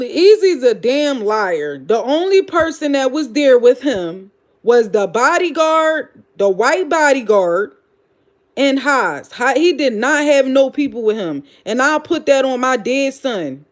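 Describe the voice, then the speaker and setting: Blunt Philly woman gossiping on a livestream. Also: high-pitched. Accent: Philadelphia. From Philadelphia. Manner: loose, blunt and profane, gossipy storytelling. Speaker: livestream host. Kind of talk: casual livestream chat reading comments.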